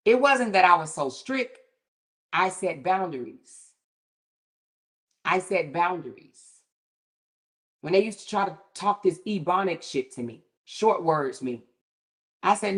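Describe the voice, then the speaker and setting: A middle-aged woman with a low, deep-set voice hosts her own livestream, speaking in a casual commentary style from a home setup. She talks candidly and with emphasis, and her pitch shoots upward when she turns indignant. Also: animated, measured pace, pauses often. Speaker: livestream host.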